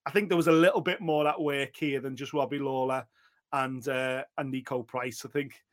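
A man co-hosting a podcast in casual sports chat, animated and swearing freely, often acting out what other people said. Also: mid-range voice, moderate pace. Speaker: podcast co-host.

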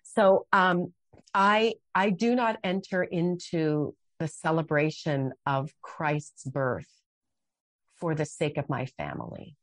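Woman, middle-aged, low-pitched, dry recording, heartfelt, earnest, frequent restarts. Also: lively intonation, slow, dry recording. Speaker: podcast guest. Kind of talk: conversational interview.

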